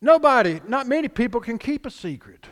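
A man preaching a sermon as pastor, animated, swinging between loud declarations and hushed lines. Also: high-pitched, measured pace, big-room sound.

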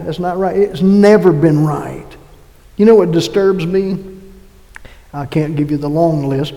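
A man preaching a sermon as pastor, reading scripture aloud in an animated way. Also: a little high, long reverb tail, poor audio. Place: church.

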